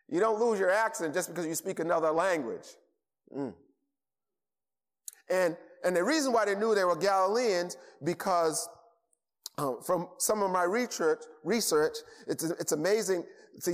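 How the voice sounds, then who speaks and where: A man with a Boston accent preaching a sermon, stressing points by repeating words. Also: fairly high pitch. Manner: emphatic, repeats words for emphasis. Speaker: pastor. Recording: long hall reverb.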